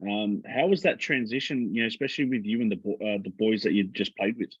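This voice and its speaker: A man interviewing a guest in a relaxed, hesitant way, with many fillers as he builds his questions. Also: lowish voice, quick pace, husky, no room sound. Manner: relaxed, hesitant, fills with "um" and "you know". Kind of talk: casual interview. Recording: dull lo-fi recording.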